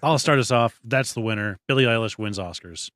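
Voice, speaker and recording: A man's voice: mid-range voice, fairly quick, fairly bright tone, no echo, studio quality. A man hosting a casual movie podcast, reading out nominees and leading the talk. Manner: leads the segment, reads out nominees. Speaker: podcast host. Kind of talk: casual chat.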